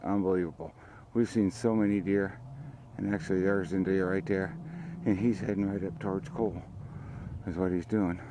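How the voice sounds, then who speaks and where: An older man hosts a hunting show outdoors by a field, his low voice fairly even and moderately paced over a noisy background. In casual commentary, he rambles folksily about the hunt and his sponsors.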